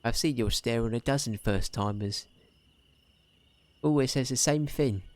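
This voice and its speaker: A man's voice: mid-range voice, a little slow, a little mellow, close to an everyday voice. A man doing a brash Cockney adventurer. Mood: teasing. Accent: put-on Cockney, slipping toward Australian. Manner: brash, teasing, upbeat. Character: cheerful seasoned adventurer, blunt and friendly. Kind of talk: live voiced game playthrough.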